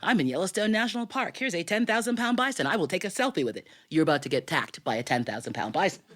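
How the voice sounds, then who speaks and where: A woman's voice: fairly low pitch, quick pace. A woman telling a family story live, chatty and quizzing her audience. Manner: lively, chatty, asks the audience questions. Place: recording studio with live audience.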